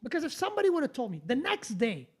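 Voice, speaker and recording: A man, hosting a podcast and telling a story in a casual, animated, blunt way, swearing freely and restarting sentences. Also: extremely high pitch, fast. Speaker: podcast host.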